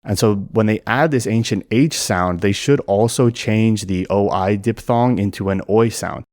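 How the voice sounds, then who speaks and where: A man with a low, deep voice narrates an educational explainer. He talks in a clear, methodical way. The sound is close and dry. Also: moderate pace, darkish tone, no echo. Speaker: language explainer.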